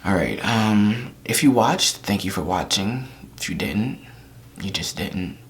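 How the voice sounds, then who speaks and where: A man's voice: on the low side, expressive, fairly bright tone. A man, talking straight to the camera in a raw confessional vlog. He is holding back tears, stops and restarts often, and lets his words fade into near-whispers. A faint hiss sits under the voice. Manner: halting, trailing off into near-whispers. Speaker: vlogger. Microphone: camera mic.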